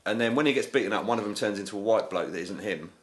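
A man's voice: on the low side, lively intonation, racing, a little hiss or hum. A man chatting casually on a podcast, laid-back, swearing and trailing off with ums. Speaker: podcast co-host. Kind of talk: casual chat.

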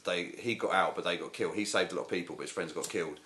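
Brief: man, very low voice, dry sardonic storyteller, podcast co-host. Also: rapid-fire, a bit bright, a little hiss or hum. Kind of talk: casual chat.

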